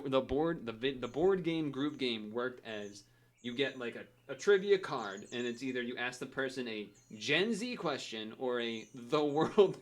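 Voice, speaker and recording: A young man streaming a game, chatting casually and thinking aloud as he rambles and cuts himself off. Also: medium pitch.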